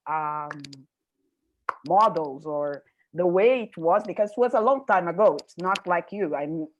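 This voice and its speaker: A woman's voice: on the low side, lively intonation, unhurried, muffled recording, slight background noise. An older woman speaking as a panelist, reflective and often checking in with the listener. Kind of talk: panel discussion.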